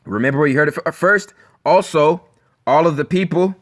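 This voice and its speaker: A man's voice: a little high, brisk. A man hosting his own video, ranting with scorn and emphasis, repeating phrases, mocking his listeners and swearing freely. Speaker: channel host.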